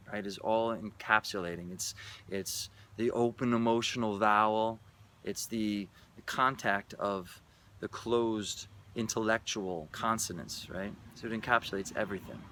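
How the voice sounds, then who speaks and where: A man's voice: on the low side, bright, forceful tone, a little hiss or hum. A man vlogging about spirituality in a loose, irreverent monologue, often tossing in "right?". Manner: irreverent, keeps asking "right?".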